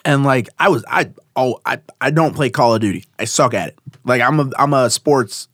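A man's voice: mid-range voice, moderate pace, fairly bright tone, dry recording, studio quality. A man chatting casually, rambling with many fillers and restarts. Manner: rambling, lots of fillers and laughs. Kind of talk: casual podcast chat.

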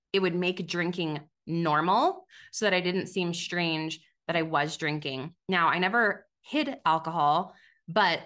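A woman's voice: fairly low pitch, sharp tone. A woman in her thirties telling her own story as a podcast guest, candid and conversational, with many fillers and restarts. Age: 30s. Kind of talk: personal testimony.

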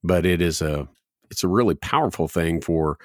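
Deep-voiced man hosting a podcast. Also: normal speed, dry recording, studio quality. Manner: easygoing, leads the discussion. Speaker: podcast host. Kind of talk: casual podcast chat.

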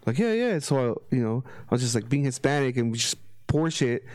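A man from a Mexican family, telling a story in casual, profane, animated chat. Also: mid-range voice, quick pace, dry recording.

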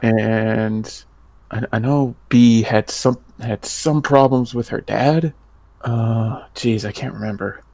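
A man's voice: mid-range voice, steady tone, slow, creaky, a little mellow, dry recording. A man playing a tabletop game, talking casually and easily rattled. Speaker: player.

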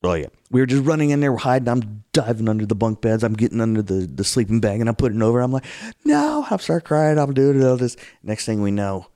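A man casually telling a scary childhood campfire story, acting it out with sudden high outbursts. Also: quick pace, few pauses, dry recording. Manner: animated, acts out the scares with sudden high outbursts. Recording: dry close sound.

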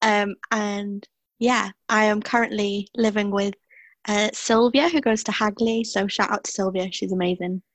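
A woman's voice: mid-range voice, steady tone, moderate pace, no echo. A cheerful young woman on a gap year, chatting playfully as a podcast guest. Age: young adult. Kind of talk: casual podcast chat.

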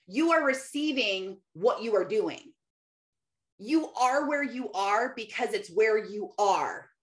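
30s woman talking faith stuff casually, earnest, laughs a lot, voice a bit high. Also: a bit bright. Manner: conversational, earnest, laughs often, quotes scripture. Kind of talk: casual faith-based encouragement talk.

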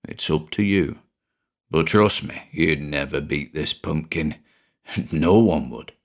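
A man voicing an older ex-chemistry teacher, blunt and boozy, with a gruff, slurring drawl and a British accent. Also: very deep voice, takes it slowly, pitched below the performer's own voice, heavily acted. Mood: gruff scheming.

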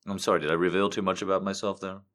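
A man's voice: low voice, flat delivery, rapid-fire, fairly bright tone. A man hosting a casual stream, rambling and swearing with self-mocking jokes and mock-dramatic outbursts. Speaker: streamer host. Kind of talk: casual chat.

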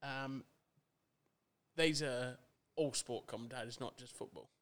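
A man's voice: medium pitch, measured pace, a bit bright. A man co-hosting a casual sports chat, listing his favourites with enthusiasm and swearing back at his mate. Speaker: co-host.

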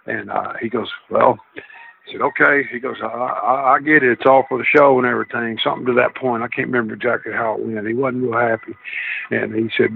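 A man's voice: mid-range voice, fairly even intonation, fairly quick, creaky, a little hiss or hum. A man, a guest telling rambling stories in a casual interview, circling back on himself. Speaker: guest, former wrestler. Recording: tinny phone line.

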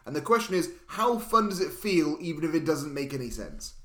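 A man co-hosting a casual movie review chat, animated and rambling, with loud interjections. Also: fairly high pitch, fairly quick, roomy sound. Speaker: podcast co-host.

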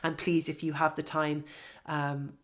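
A woman hosts her own fitness podcast alone, with a slightly low voice. She talks in a frank, chatty way, swears freely and fills her speech with ums and likes. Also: little pitch movement, measured pace. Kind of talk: solo podcast monologue.

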